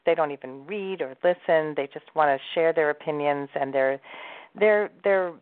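A woman's voice: low voice, normal speed, clean tone, no echo. A woman who hosts a dating show, talking reflectively and giving advice in a podcast conversation. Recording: dry, thin phone-like sound.

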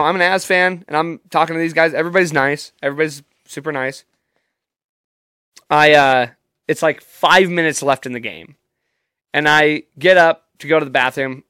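A man's voice: fairly high pitch, fairly bright tone, smooth, no echo, studio quality. A young man telling a rambling, profane story in a casual, self-amused way.

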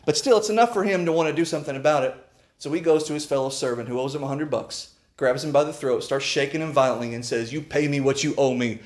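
A man with a fairly high voice delivers a sermon. He tells his stories dramatically, sinking to hushed, low lines and then climbing to loud, urgent peaks. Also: fast talker. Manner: storytelling. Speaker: preacher.

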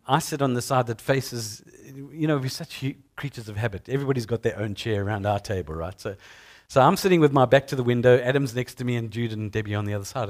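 A middle-aged man, preaching a sermon as a pastor in an animated storytelling way. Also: mid-range voice. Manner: storytelling, animated with acted-out sounds.

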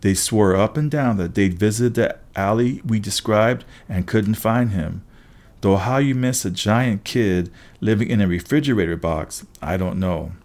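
Low-voiced man narrating an audiobook. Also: measured pace, a little mellow. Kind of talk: scripted first-person narration.

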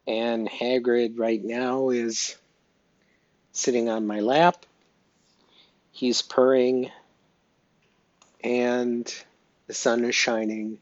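A man speaking slowly and haltingly in a heartfelt personal audio diary, with many pauses and fillers. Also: mid-range voice, flat delivery, no echo. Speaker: pet owner sharing an update. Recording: dry, dull lo-fi recording.

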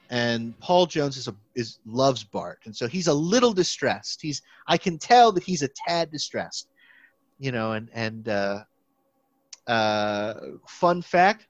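A man's voice: mid-range voice, dry recording. A young man, a theology student, chatting casually and rambling with many restarts and fillers. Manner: rambling, lots of restarts and fillers, animated when quoting people. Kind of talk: casual podcast chat. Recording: dry, slightly dull recording.

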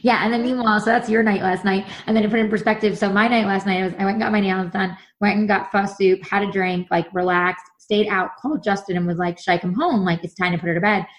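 A woman's voice: medium pitch, quick pace, few pauses. A woman in her thirties chatting casually as a co-host, telling stories and acting out what others said. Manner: chatty, animated storyteller acting out quotes. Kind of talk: casual chat.

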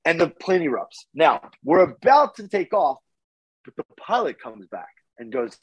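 A man telling a story casually as a podcast guest, animated, with his voice jumping up when he gets excited and swearing freely. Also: on the high side, measured pace, husky, no echo, dull audio.

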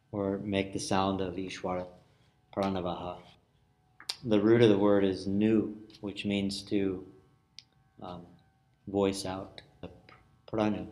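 A man teaching a lesson, explaining word roots slowly with many pauses and restarts. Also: sits low. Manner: slow and searching, many fillers and restarts; chants Sanskrit verse loudly in a sung tone. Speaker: yoga philosophy teacher. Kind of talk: lesson with call-and-response chanting.

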